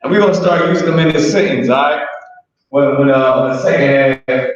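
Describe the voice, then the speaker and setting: A man's voice: mid-range voice, brisk. A man teaching a live language class in a casual, joking manner, drawing out words and laughing between points. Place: classroom with students. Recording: very echoey room from far off, dull.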